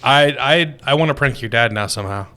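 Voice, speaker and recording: A man's voice: medium pitch, brisk, sharp tone. A man co-hosting a podcast in casual chat, laughing often and telling stories animatedly. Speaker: podcast co-host.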